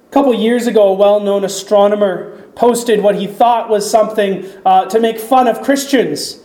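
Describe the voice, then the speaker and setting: A preacher giving a reflective sermon, slowing down when reading scripture aloud. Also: mid-range voice, mellow. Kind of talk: sermon on a psalm. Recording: echoey room.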